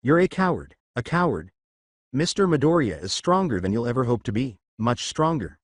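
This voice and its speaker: A man voicing a young boy demon slayer who is grieving and defiant, his pitch raised as he shouts and pleads. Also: very animated, moderate pace, no echo, studio quality. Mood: tearful.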